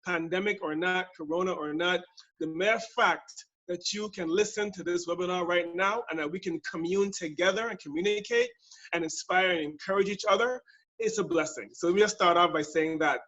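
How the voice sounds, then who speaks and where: A man's voice: high voice, a little fast, fairly bright tone. A middle-aged man with a US Virgin Islands accent, giving an upbeat webinar talk in a jokey storytelling manner. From Saint Thomas, US Virgin Islands. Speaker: guest speaker, service consultant. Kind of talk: webinar presentation. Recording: muffled webinar audio.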